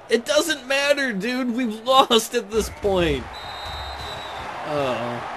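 A man's voice: extremely high pitch, expressive, slow pace, sharp tone, slight background noise. A young man commentating his own football video game, frustrated and ranting at the coach. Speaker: gaming commentator. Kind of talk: let's play commentary.

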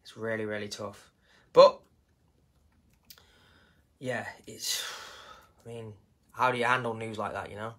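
A man's voice: lowish voice, level tone, unhurried, pauses often, fairly bright tone. A man from England with an English accent, talking casually and emotionally on a live stream, rambling and repeating himself.

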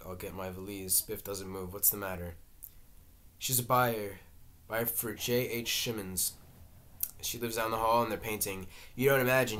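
A man with a fairly low voice reads a play aloud, taking every part himself. He reads the stage directions along with the lines and now and then stumbles and starts over. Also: fairly bright tone. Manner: halting, with restarts and stage directions read aloud. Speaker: reader. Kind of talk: amateur reading of a play, all parts.

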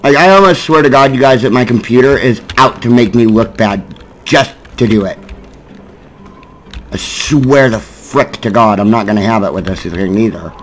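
A man's voice: normal speed, faint music behind, low-quality recording. Cursing, frustrated man gaming. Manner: frustrated, swearing at the game; yelling in sudden high bursts. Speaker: gaming YouTuber. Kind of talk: gameplay commentary.

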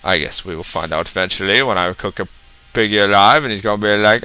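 A young man casually commenting on his own gameplay, rambling and joking, with sudden loud outbursts. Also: fairly low pitch, fast, smooth, no echo. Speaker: gaming video host.

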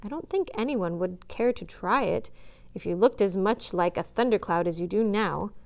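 A woman reading aloud as a spirited, frank teenage girl, brisk and coaxing. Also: medium pitch, vocal fry, a little mellow, natural voice.

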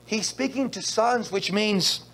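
High-voiced, slow-preaching male pastor. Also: a bit bright. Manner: repetitive preaching with call-and-response to the congregation. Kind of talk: sermon. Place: church service.

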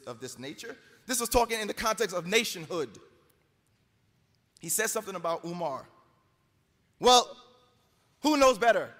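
American man, debater, bright and forceful, pressing his points, echoing hall. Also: a little high. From United States. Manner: emphatic, argumentative, quotes scripture. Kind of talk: live debate speech. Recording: long hall reverb.

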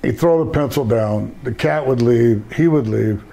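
A man's voice: mid-range voice, moderate pace, creaky, mellow. An older man, a retired pro wrestler, telling rambling laid-back stories in a casual interview and laughing at his own jokes.

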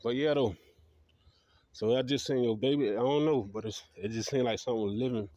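A man's voice: mid-range voice, a little fast, mellow, no echo, lo-fi sound. A man telling his dream stories in a rambling, profane monologue, laughing at his own tales. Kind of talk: casual storytelling monologue.

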